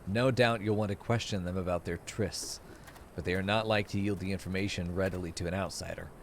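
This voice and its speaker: A man reading aloud the lines of a stern old male tribal elder from a game, in a low, even voice. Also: a little fast, a little hiss or hum. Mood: measured.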